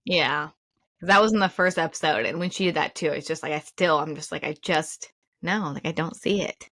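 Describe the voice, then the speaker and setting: A woman co-hosting a podcast talks in a relaxed, chatty way. She leans on fillers and laughs easily. Her voice sits low, and the recording is dry and close. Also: normal speed, dry recording. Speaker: podcast co-host. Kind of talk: casual chat.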